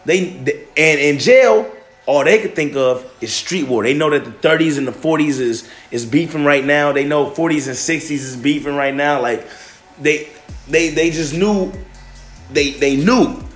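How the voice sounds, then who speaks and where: La guy rambling on his podcast, lots of likes and you know what i means, soft music behind. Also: a little high, unhurried. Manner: loose, rambling, many fillers and restarts. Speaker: podcast host. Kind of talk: casual solo podcast monologue. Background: faint music.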